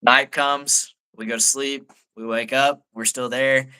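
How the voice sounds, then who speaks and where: Speaking as a guest on a live talk show, an army staff sergeant relaxes into a story, dropping "like" constantly. His medium-pitched voice is steady, measured, bright and forceful, with a clear, resonant tone.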